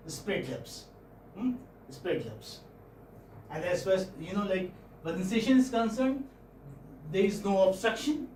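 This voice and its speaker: A man with an Indian English accent teaching phonetics in a classroom, questioning students and repeating sounds slowly. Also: sits high, darkish tone, a little hiss or hum. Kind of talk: classroom lecture. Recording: echoey classroom, far-off mic, faint ambience.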